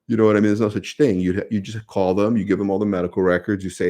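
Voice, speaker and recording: New york lawyer guy, lowish voice, chatty live q&a, lots of "you know"s. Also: little pitch movement, fast, hardly any pauses, darkish tone. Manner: conversational, many fillers like "you know" and "like". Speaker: lawyer answering viewer questions. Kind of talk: casual live-stream Q&A.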